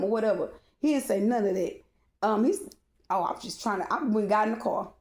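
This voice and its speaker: A woman's voice: fairly high pitch, moderate pace, darkish tone. A woman telling a personal story in a casual storytime monologue, blunt and profane, often checking in with "okay?". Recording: echoey room.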